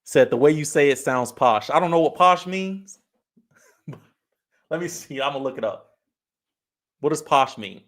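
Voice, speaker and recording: A man's voice: on the high side, lively intonation, measured pace, long pauses, a bit bright. A man from California hosting a casual livestream, laid-back, laughing often as he reads chat comments aloud. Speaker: livestream host.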